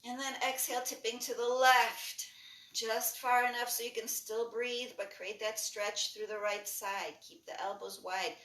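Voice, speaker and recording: A woman instructor leading a guided breathing and movement class, giving calm, rhythmic cues that are mostly soft with brighter bursts. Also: a little high, unhurried, recorded from a distance. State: lightly breathless while jumping. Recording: echoey room, voice a bit off-mic.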